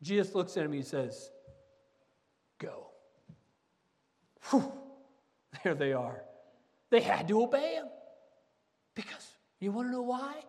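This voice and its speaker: A man, a pastor, preaching a sermon and reading scripture aloud, talking in an earnest, animated way with frequent restarts. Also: high-pitched, moderate pace, long pauses, big-room sound.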